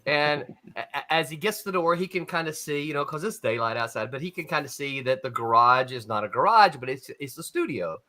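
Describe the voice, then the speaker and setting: A man's voice: on the high side, lively intonation, brisk, bright, forceful tone. A man, a former comics editor, telling a rambling anecdote in a casual panel chat, with frequent restarts and chuckles. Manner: rambling storyteller, chuckles often, many restarts.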